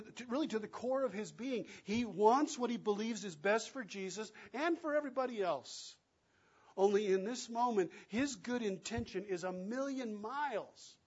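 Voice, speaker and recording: A man preaching a sermon, acting out quoted lines and swinging between loud and soft. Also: sits high, husky, dull audio. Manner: dramatic, acts out quoted lines with big swings in loudness. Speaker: pastor.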